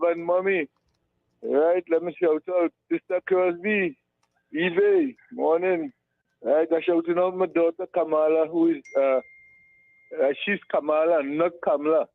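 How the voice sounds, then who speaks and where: A Trinidadian man with a gravelly, fairly high voice rambles through warm shout-outs. He keeps repeating himself. His voice comes through a tinny, phone-like line that sounds dry and close. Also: no room sound. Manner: rambling, affectionate, repeats words. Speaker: radio caller.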